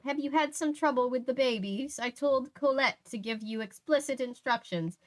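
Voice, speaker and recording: A woman's voice: sits high, normal speed, pitched above the performer's own voice, close to an everyday voice. A woman reading aloud, voicing a stout, fussy society matron who is coy and impatient, in a raised, gushing tone.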